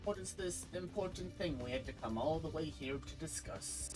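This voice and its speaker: A man's voice: on the high side, moderate pace, over music, rough recording. Man reading game dialogue aloud. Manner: reads text evenly, breaks off for casual comments. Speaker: streamer. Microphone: desk microphone.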